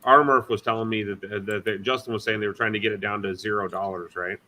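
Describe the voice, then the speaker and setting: Bright-voiced man telling casual stories. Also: on the low side, quick pace, a little hiss or hum. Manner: animated storyteller, swears freely. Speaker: livestream co-host. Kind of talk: casual chat.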